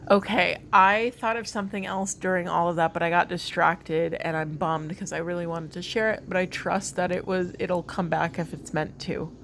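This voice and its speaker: A woman's voice: lowish voice, steady tone, moderate pace, hardly any pauses, fairly bright tone, a little hiss or hum. Earnest woman giving a spiritual card reading. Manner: earnest, rambling, emotional. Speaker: tarot card reader.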